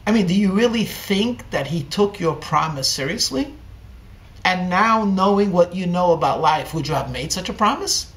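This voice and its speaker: A man's voice: high-pitched, lively intonation, moderate pace, a bit bright. A man voicing a young suitor who reasons skeptically in a plain, everyday tone.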